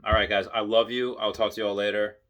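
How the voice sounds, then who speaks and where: An excitable man talking casually on his own channel, his voice bright and forward. He rambles, restarts his sentences, and builds up steam as he goes. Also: on the low side, fast. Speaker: investing vlogger. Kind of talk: casual monologue.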